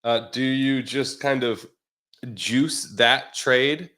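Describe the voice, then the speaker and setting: A man discussing stock charts in casual chat over a video call, measured and plain. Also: medium pitch, bright, forceful tone. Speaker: research director co-host.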